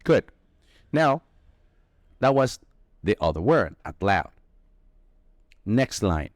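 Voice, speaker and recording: Slow, lively male English teacher. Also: fairly low pitch, no echo, clean studio sound. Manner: slow, emphatic explaining with drawn-out key words. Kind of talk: vocabulary lesson.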